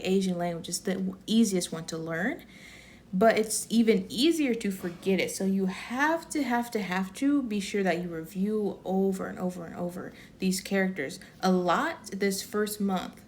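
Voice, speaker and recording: A woman's voice: mid-range voice, a little mellow, a little hiss or hum. A woman giving a casual online language lesson, chatty and rambling, often correcting herself and laughing. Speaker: Korean language teacher.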